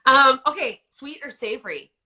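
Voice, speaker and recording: Bright Canadian woman hosting quick-fire questions. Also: high-pitched, expressive. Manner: upbeat, quick-fire questions, friendly laughter. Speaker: host asking quick questions. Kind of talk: casual chat interview. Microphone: phone live stream.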